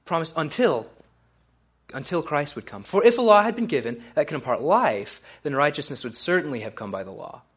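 A man's voice: a little high, brisk, husky. Male preacher, casual sermon, loose and chatty, lots of ums and restarts. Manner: casual, relaxed delivery with frequent fillers and restarts. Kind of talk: conversational sermon.

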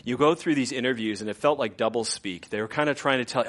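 A man's voice: medium pitch, fairly quick, hardly any pauses. A man in his fifties preaching a conversational sermon as pastor, often acting out what people say. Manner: conversational, animated, acts out quoted voices.

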